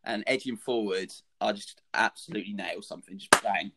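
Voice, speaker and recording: A young man telling a funny anecdote in a casual, animated, sweary way, laughing along as he goes. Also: lowish voice, brisk, vocal fry, noisy background.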